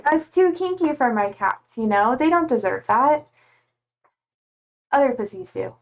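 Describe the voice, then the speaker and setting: A woman's voice: high voice, big pitch swings, a little slow, pauses often, low-quality recording. A young woman streamer chatting casually and bubbly, gushing over her cats with baby talk. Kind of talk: casual live-stream chat.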